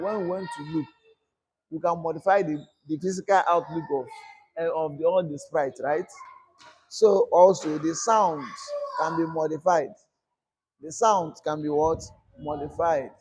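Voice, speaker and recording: Male coding instructor, high and husky, call-and-response teaching. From Nigeria. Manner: repetitive call-and-response teaching, asks "what?" and answers himself. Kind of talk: screen-recorded coding lesson.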